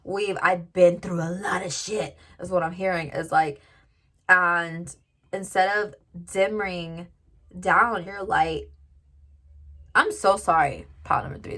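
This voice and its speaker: Woman, tarot reader, casual chatty reading, talks straight to viewers, slightly low pitch. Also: unhurried, a bit bright, slightly rough. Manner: chatty, lots of "like" fillers, addresses viewers directly.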